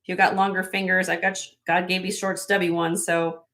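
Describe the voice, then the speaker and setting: A woman's voice: fairly low pitch, level tone, brisk, a bit bright. A woman hosting a live online jewelry sale, chatting in a salesy way and talking straight to buyers by name. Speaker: host selling jewelry on a live stream.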